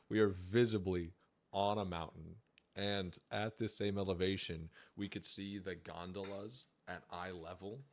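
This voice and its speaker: A man's voice: low-pitched, steady tone, measured pace, slight background noise. A young man giving a casual, jokey livestream presentation on his trip, chatty and laughing often.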